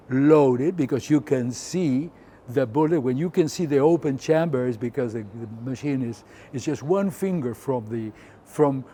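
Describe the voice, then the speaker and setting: A man in his seventies with an Argentine Spanish accent tells a story from his own life. His voice sits a little high but sounds mellow and dark, and he acts out the scenes with sound effects and quoted voices. A faint hiss of noise runs behind him. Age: 70s. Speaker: photographer telling his story. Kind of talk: personal storytelling.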